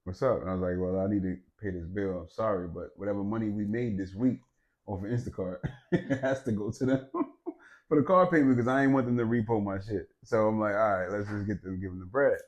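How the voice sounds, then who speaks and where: A man telling a personal story in casual chat, animated, swearing and laughing, swinging from loud outbursts to low, quiet stretches. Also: brisk, highs cut off. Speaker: podcast co-host.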